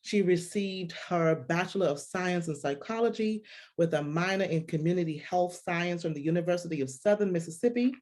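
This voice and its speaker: A woman's voice: fairly low pitch, a little fast. A woman hosting a faith-based podcast interview, effusive and full of restarts. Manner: warm, effusive, with frequent restarts. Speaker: podcast host.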